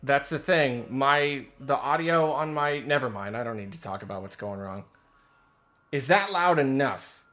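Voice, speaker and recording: His mid-range voice has a sharp tone and a slightly slow delivery. Streaming live, he fixes his desk-microphone audio with flustered apologies and self-deprecating laughs, while faint awards-show music comes from a TV.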